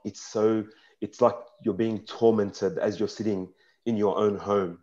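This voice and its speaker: A young man on a discussion panel, telling his personal story in a frank and earnest way that turns halting and emotional in places. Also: fairly low pitch, level tone, warm tone. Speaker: panel speaker. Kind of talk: personal testimony at a panel talk. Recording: dull lo-fi sound.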